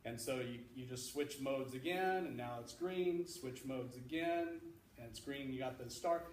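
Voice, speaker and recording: A man's voice: mid-range voice, unhurried, a little hiss or hum. A male electrical engineer, a guest speaker, patiently explaining things to a class of children in an easygoing way, with many fillers and restarts. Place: school library. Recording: echoey room heard from a distance.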